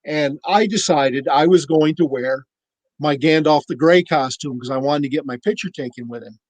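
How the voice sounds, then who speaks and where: A man on a podcast telling a casual, animated story and acting out the voices of the people in it. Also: a little high, normal speed, no echo, rough recording. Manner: animated anecdote-teller, acts out quoted voices. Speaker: podcast cohost.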